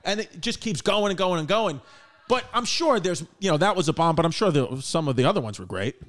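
A man, a comedian hosting a podcast, chatting casually with quick, excitable reactions. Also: on the high side. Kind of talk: casual chat.

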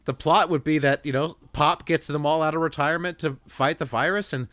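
Young guy hosting a podcast, kinda high voice, dry sound, laughs a lot. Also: steady tone, fairly bright tone, no echo. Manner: joking, laughs often, quick restarts. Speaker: podcast host reading listener questions. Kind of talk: casual chat.

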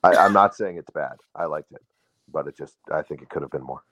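A man's voice: rumbling low, a little fast, a bit bright, no echo, dull audio. A man co-hosting a casual podcast, blunt and joking, calling the others "bro". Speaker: podcast co-host.

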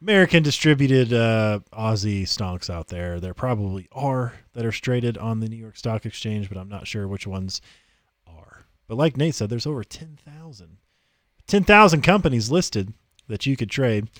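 A man co-hosting a morning talk podcast, chatting casually and pitching sign-ups. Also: animated, normal speed, dry recording, studio quality. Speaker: podcast co-host. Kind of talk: casual promo chat.

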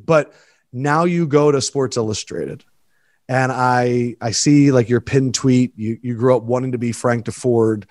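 A man's voice: medium pitch, no room sound. A man hosting a podcast in casual chat, swearing freely and getting emotional as he tells stories, close to tears. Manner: emotional, swears a lot, animated storytelling. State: teary, close to crying. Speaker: podcast host.

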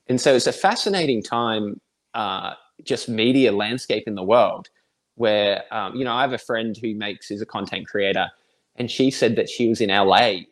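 An Australian man chatting as a guest in a casual interview. His voice sits at an ordinary middle pitch, and he talks in a rambling, friendly way with frequent chuckles. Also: normal speed.

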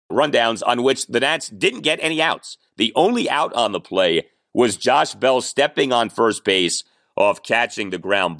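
Male host, low-pitched, dry studio sound, wry casual sports talk. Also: fairly bright tone, dry recording. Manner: wry, emphatic storytelling. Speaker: podcast host.

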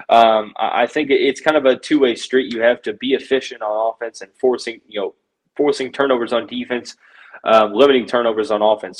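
A man's voice: on the low side, poor audio. Filler-heavy male sports podcast host. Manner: rambling, filler-heavy, self-correcting. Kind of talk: casual sports analysis.

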